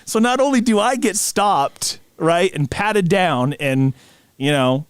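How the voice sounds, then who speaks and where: A man's voice: high-pitched, slow pace, smooth, dry recording, studio quality. A man co-hosting a podcast, telling a long funny story with laughs in between. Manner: animated anecdote teller, laughs mid-sentence. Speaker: podcast co-host. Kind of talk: casual storytelling chat.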